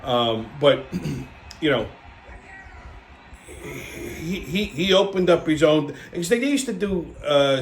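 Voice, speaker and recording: Blunt Brooklyn man ranting casually. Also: fairly high pitch. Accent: New York (Brooklyn). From Brooklyn, New York. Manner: rambling, blunt, heavy swearing, lots of fillers. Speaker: channel host. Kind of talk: casual profane monologue.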